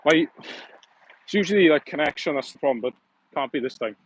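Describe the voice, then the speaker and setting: A man's voice: fairly high pitch, animated, brisk, slight background noise, poor audio. A young man with a Welsh accent, chatting casually to viewers on a live stream from outdoors, often laughing as he reads out and answers comments. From Wales. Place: outdoors on an early summer evening. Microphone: phone on mobile data.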